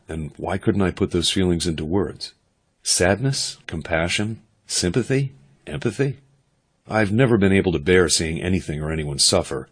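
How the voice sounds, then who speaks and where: A man doing steady, measured first-person audiobook narration. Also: extremely low pitch, breathy edge.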